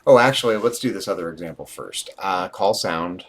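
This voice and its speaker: A man's voice: low voice, lively intonation, brisk, breathy edge. A man reading from a programming book aloud and dictating numbers as he types them, thinking aloud with dry asides. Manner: reads book passages, then dictates numbers while typing. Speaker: instructor working through a programming book. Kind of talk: live-streamed coding lesson, reading aloud and typing. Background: keyboard typing.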